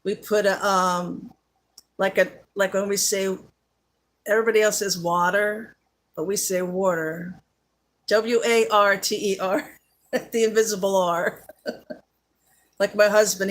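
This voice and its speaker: A woman with a Central New Jersey accent chats casually with viewers on a live stream. She talks at an unhurried, slow pace and laughs often. She fills her sentences with likes and ums. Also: medium pitch. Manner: chatty, laughs often, many fillers.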